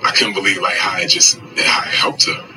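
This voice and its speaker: Athlete guy telling a story, lively slangy delivery, lowish voice, music behind him, bit far off. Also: normal speed. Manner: animated, casual slang. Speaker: professional athlete. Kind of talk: storytelling interview.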